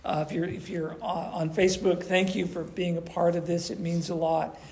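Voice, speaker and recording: A man preaching a conversational sermon to his church, animated and acting out little voices as he talks. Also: a little high, normal speed, vocal fry. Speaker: pastor.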